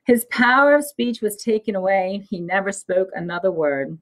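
A woman voicing the north wind, telling its tale gravely. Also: medium pitch, lively intonation, moderate pace, close to an everyday voice, low-quality recording. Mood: solemn. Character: solemn, storytelling north wind.

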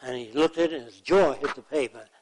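A man with a mid-range voice speaks fairly quickly in a storytelling lecture, captured on a rough recording. He tells plainspoken anecdotes and acts out the people in them, voicing their quotes.

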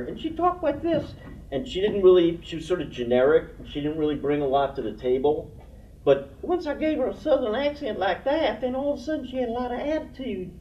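A man's voice: a little high, a little hiss or hum. A man leading a puppetry workshop, talking loosely and with some profanity, often asking if the group follows him. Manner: loose, profane, keeps asking "you know what I mean?". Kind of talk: teaching talk with demonstrations. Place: workshop room. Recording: distant, roomy, dull workshop recording.

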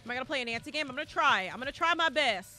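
Excitable high-voiced woman streamer. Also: rapid-fire. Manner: excitable, bursts into shouting and squeals. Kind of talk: live gameplay commentary.

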